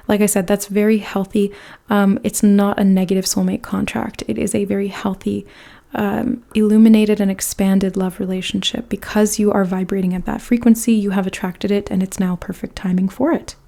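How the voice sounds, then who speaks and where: A woman with a warm, mellow voice gives a pick-a-card tarot reading straight to the viewer. She talks in a loose, chatty way and often drops into soft, breathy asides. She sits close to the microphone. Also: medium pitch. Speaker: tarot reader.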